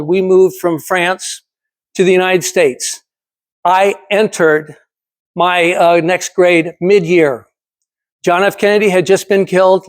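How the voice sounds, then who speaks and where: A man in his seventies giving a prepared motivational speech at a speaking club. He talks emphatically, asks rhetorical questions and keeps repeating his key phrases. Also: high voice. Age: 70s.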